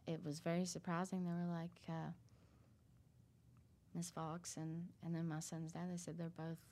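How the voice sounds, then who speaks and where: A woman talks through a personal story, circling back with fillers and restarts. Her voice sits a little low. She tells it in an easy, conversational way. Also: completely flat delivery, warm tone, a little hiss or hum. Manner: halting, many fillers and restarts. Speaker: interview guest sharing a recovery story. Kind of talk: casual storytelling.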